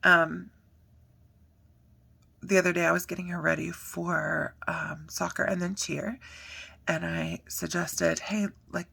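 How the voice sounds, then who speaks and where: A woman's voice: fairly low pitch, flat delivery, slow, creaky, long pauses, sharp tone, husky. A woman in her thirties, a mother telling a personal story in a chatty, earnest vlog, with many fillers. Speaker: mother documenting a diet change.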